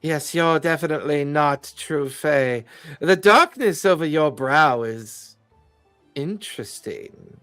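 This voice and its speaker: Sir Thorned Shade, a vain and condescending fae security chief, as a man puts him on. His voice is on the higher side and swings up and down as he preens. It sounds close and dry. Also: lively intonation, takes it slowly, pushed and bright, clear, resonant tone, dry recording, soft background music, full character voice. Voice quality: pompous, condescending, says "dear boy".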